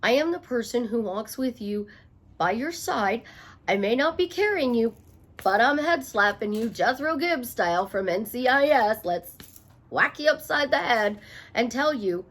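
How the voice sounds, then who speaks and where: A middle-aged woman coaches her listeners in a motivational talk. Her voice sits a little high, and she drives each point home by repeating it. Playful asides break up the emphatic delivery. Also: animated, moderate pace. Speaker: life coach.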